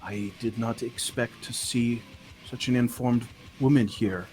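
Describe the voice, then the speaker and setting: A man voicing a cold, formal male gangster envoy who speaks slowly and in clipped, polite phrases, in a tabletop role-playing game. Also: mid-range voice, steady tone, a little mellow, soft background music, voice pushed down, close to an everyday voice. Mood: coolly polite.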